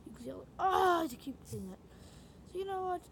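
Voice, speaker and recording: A woman streamer chatting to her viewers, her voice high and bouncing all over the place. She sounds chatty and a little apologetic, with a giggly edge. There is a steady hiss of noise under her home stream mic. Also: a little fast, gravelly. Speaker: reaction streamer. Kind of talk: casual live-stream chatter.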